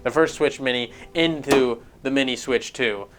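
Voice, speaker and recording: Profane, excitable man ranting about games. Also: mid-range voice, normal speed, background noise. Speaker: gaming news host. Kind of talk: casual ranting commentary.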